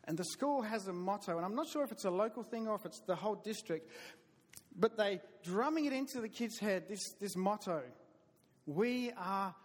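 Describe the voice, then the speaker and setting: A man's voice: sits high, lively intonation, brisk. A middle-aged man with a Southern US accent preaching a sermon, telling folksy, self-deprecating stories with hesitant restarts. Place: church sanctuary. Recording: long hall reverb.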